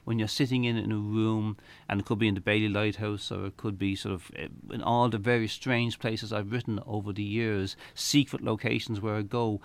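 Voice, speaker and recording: A man's voice: fairly low pitch, little pitch movement, brisk, creaky, hardly any pauses, no room sound. A man with an Irish accent talking reflectively about his writing as an interview guest, often repeating words as he starts a thought. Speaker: novelist guest.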